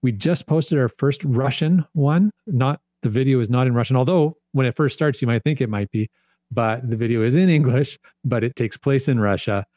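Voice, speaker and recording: A man's voice: mid-range voice, moderate pace, mellow, no echo. A man chatting as a podcast guest, upbeat and enthusiastic as he talks about his geocaching videos. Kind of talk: casual podcast chat.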